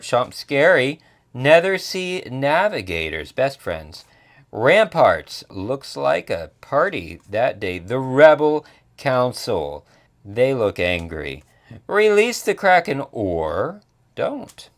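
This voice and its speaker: A man narrating a casual board game unboxing as the channel's reviewer, joking playfully as he goes. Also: medium pitch. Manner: playful, jokey commentary.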